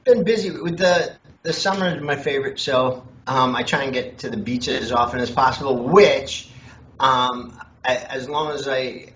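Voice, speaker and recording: A man's voice: medium pitch, normal speed. A man, a comedian, telling funny stories in an interview and laughing often. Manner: jokey, animated, laughs often. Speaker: comedian guest. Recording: echoey, distant, dull lo-fi with faint noise.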